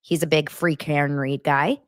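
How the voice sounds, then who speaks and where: A woman hosts a casual commentary vlog in a frank, chatty way, with plenty of asides and musings. Her voice sits a little low for a woman. The sound is close and dry, with no room around it. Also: steady tone, moderate pace, no room sound. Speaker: host.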